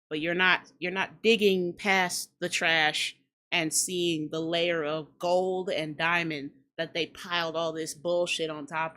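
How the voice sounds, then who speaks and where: A woman's voice: fairly low pitch, fairly bright tone. A woman hosting a hip-hop commentary show, talking in a blunt, profane, ranting way and repeating lines for emphasis. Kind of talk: casual commentary rant.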